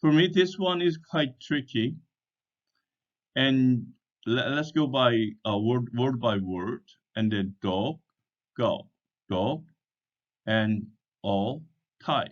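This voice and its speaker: Male teacher; very slow and deliberate, spells words out, dull lo-fi sound. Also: medium pitch. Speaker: English teacher. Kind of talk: slow explanatory language lesson. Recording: dull lo-fi recording.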